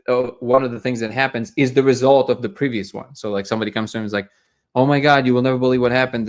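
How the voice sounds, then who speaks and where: A man hosting a daily live discussion show, talking in an earnest, reflective way and often repeating words as he gathers his thoughts. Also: mid-range voice.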